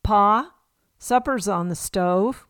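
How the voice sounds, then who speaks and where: A woman's voice: mid-range voice, takes it slowly, a bit bright, clear, resonant tone, dry recording, clean studio sound. A woman doing a sing-song Southern wife. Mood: playful. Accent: Southern US drawl. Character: cheerful Southern wife mishearing on purpose.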